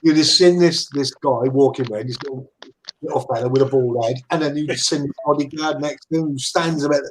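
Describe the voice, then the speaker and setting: A man's voice: medium pitch, fairly quick, a little hiss or hum, low-quality recording. A man joking self-deprecatingly in a casual chat with friends.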